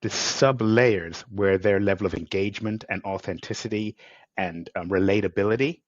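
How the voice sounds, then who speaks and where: On a podcast, a male host gives a conversational interview, talking at length with enthusiasm, rambling, and acting out quotes. His voice sits fairly low and moves at a normal speed. The recording is dry, with the highs cut off.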